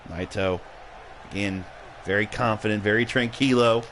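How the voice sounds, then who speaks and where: Commentating a video game match on his livestream, a slightly tipsy, punchy man jokes, rambles, swears and laughs a lot. His fairly low voice is fairly bright with fairly even intonation at normal speed, and there's slight background noise.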